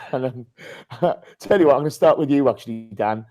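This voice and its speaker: A man's voice: mid-range voice, a little fast, mellow, poor audio. A man hosting a casual live podcast, chatting and greeting listeners by name. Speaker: podcast host.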